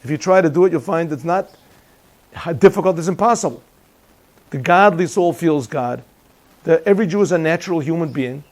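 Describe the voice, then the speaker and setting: A man's voice: a little high, fairly quick, long pauses, a little mellow. A man teaching a Chassidic class as a rabbi, conversational and joking, often asking the listeners questions. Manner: conversational, asks listeners questions, tells jokes. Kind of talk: Chassidic lecture with jokes. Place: yeshiva classroom.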